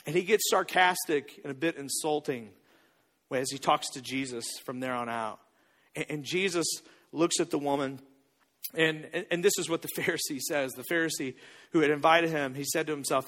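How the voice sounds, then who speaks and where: A man preaching a sermon as a pastor, telling the stories with acted-out quotes and swinging from loud to hushed. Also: on the high side, fairly quick.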